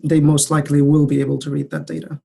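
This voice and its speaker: Guest speaker, male, gravelly husky voice, flat delivery, explains things thoughtfully. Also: fairly high pitch. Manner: thoughtful, measured, some hesitant restarts. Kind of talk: casual tech podcast chat.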